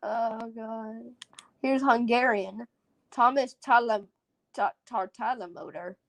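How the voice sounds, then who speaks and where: A woman's voice: on the high side, slow pace, creaky, no echo. A woman hosting a casual solo podcast, rambling and giggling as she sounds out foreign words. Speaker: podcast host.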